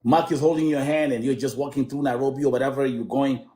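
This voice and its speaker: A man's voice: mid-range voice, steady tone, quick pace, dark tone. A man from Kenya hosting a casual podcast interview, playful and laughing often, stumbling over his questions. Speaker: podcast host. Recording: echoey room.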